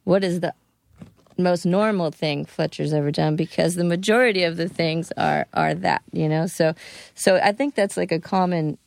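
A woman guest on a podcast tells casual, animated stories, acting out the dialogue within them. Her lowish, gravelly voice moves at a normal speed with no room sound.

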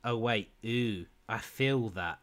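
A man co-hosting a casual chat, reading lines out deadpan and amused. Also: lowish voice, slow pace. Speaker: podcast co-host.

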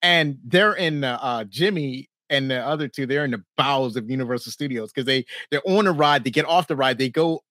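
A man's voice: mid-range voice, a little fast, few pauses, sharp tone, no room sound. Brief: male podcast host, rambling plot recap, close dry sound. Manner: rambling plot recap with frequent laughs and "right, right". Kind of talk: casual movie review chat.

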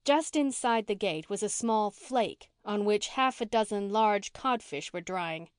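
A woman narrates a classic novel in a measured, expressive reading. Her voice sits at a middling pitch. The recording is close and dry, with no room sound. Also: smooth, no room sound. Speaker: audiobook narrator. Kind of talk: scripted narration.

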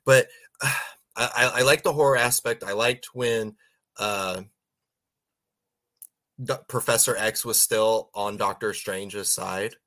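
A man's voice: fairly low pitch, steady tone, slow, pauses often, bright, forceful tone. A man in casual podcast chat, rambling and stumbling over his words with frequent laughs.

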